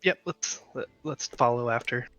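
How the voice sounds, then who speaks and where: Hesitant male player with a sharp, bright voice. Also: medium pitch, moderate pace, no room sound, muffled recording, soft background music.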